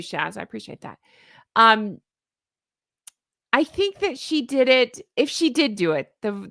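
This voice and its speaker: A woman's voice: fairly high pitch, vocal fry, a bit bright, no echo, studio quality. A woman hosting a livestream, chatting casually and opinionatedly with her viewers and reading their comments aloud. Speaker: livestream host. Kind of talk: casual commentary to a live chat.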